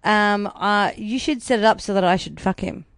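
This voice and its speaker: A woman's voice: mid-range voice, moderate pace, gravelly, no room sound. A woman, a comedian co-hosting a podcast, talking brashly and crudely with playful boasting. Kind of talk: casual comedic banter.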